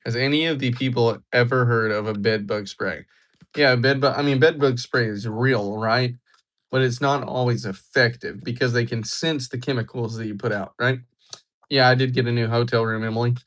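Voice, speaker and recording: A man's voice: medium pitch, steady tone, normal speed, fairly bright tone. A young man from Georgia, chatting casually with viewers on a live stream. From Georgia, USA. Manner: chatty, laid-back, joking with viewers. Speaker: livestreamer.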